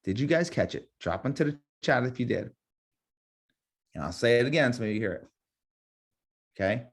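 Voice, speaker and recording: A man teaching real estate agents in a live webinar, energetic, repeating key phrases and acting out sample sales calls. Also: mid-range voice, fairly quick, long pauses.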